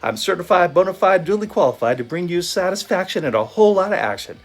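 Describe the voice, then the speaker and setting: A man's voice: high-pitched, big pitch swings, fast talker, pitched above the performer's own voice, full character voice. A man voicing an eager, persistent young man who keeps politely asking for a job. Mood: showy DJ patter. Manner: polite, upbeat, keen.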